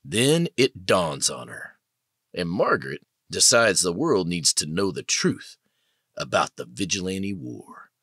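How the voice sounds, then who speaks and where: A man narrating an audiobook in a dramatic, expressive way. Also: deep voice, measured pace, husky, dry recording, clean studio sound. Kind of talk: scripted narration.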